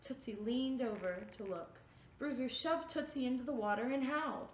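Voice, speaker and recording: A woman reading a children's picture book aloud with expressive storytelling. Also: high voice, normal speed. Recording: echoey room, far from mic, dull, faint noise.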